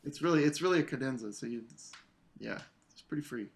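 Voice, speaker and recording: A man coaching an English horn player in a masterclass, relaxed, singing phrases to show the rhythm. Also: medium pitch, fast, creaky. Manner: relaxed, sings phrases to demonstrate. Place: online video masterclass.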